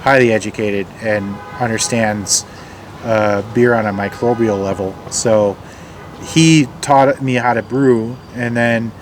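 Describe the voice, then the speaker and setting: A man who brews craft beer, explaining in a relaxed, casual way, often hesitating with fillers. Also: lowish voice, slow, slight background noise.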